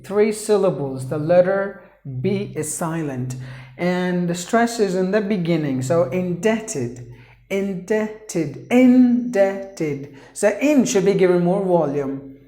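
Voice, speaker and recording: Slow, mellow male pronunciation teacher. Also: high-pitched, lively intonation, reverberant. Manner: repeats each word several times, drawn out for drilling. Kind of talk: pronunciation lesson.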